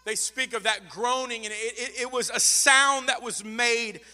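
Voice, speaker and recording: A man's voice: very high-pitched, steady tone, unhurried, sharp tone. A man preaching a sermon as pastor, fervent and repeating phrases for emphasis. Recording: long reverb of a large hall.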